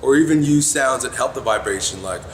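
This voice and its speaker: Brash male self-help vlogger, mid-pitched, swears freely; roomy echo, light background hiss. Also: a little fast. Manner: blunt, profane, keeps asking "right?". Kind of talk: casual coaching monologue. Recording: echoey room with faint noise.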